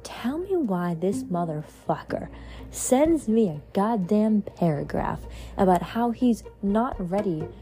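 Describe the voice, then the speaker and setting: A young adult woman hosting a podcast tells a dating story in casual conversation, sounding exasperated and swearing as she animatedly retells it. Her voice is mid-range and slow, with soft music playing behind her.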